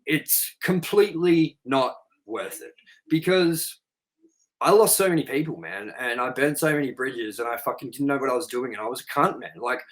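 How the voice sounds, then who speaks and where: A man's voice: mid-range voice, normal speed, low-quality recording. A man hosting a casual podcast, telling stories frankly, swearing freely and acting out what people said. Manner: candid, profane storytelling; animated, acts out quoted voices. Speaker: podcast host.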